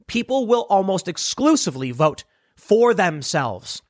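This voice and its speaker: A man's voice: sits high, sing-song, measured pace, no echo, clean studio sound. A man delivering an opinionated monologue commentary, talking emphatically with restarts and rhetorical questions. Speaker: political commentator.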